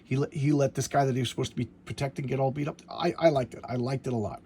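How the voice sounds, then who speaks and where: A man casually reviewing a comic book in a home vlog, rambling and excitable, with many restarts and fillers. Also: medium pitch, fast talker, a little hiss or hum.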